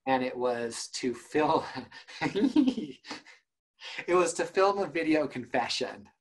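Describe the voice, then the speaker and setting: A man's voice: fairly high pitch, lively intonation, slow. A man co-hosting a podcast, telling a story about himself in casual chat and laughing often. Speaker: podcast co-host.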